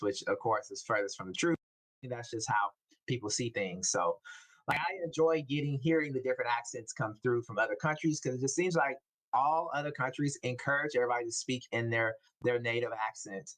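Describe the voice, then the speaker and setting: A man with a Midwestern American accent co-commentates an online card game tournament. He grew up in the Deep South and explains things at length in a relaxed, even way. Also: brisk, poor audio. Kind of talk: casual esports commentary.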